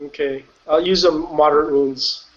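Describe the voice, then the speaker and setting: Man at a tabletop game, a bit high, dull sound. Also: fairly even intonation. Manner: quick questions, thinking aloud about moves. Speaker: player. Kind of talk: casual tabletop game play.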